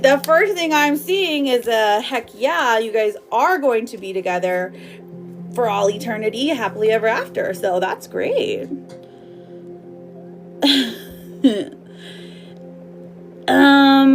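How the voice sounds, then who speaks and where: Here a tarot reader with a gravelly, somewhat high voice gives a live reading to her viewers. Bubbly and affectionate, she addresses them as "girl" and "my love," rambling loosely with frequent fillers and laughter.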